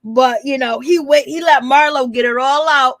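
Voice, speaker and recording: Sassy woman with a high voice, dry close mic. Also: normal speed, a bit bright, dry recording. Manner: sassy, gossipy, laughing, slangy asides to viewers. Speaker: reality TV recap host. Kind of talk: casual commentary on a reality show.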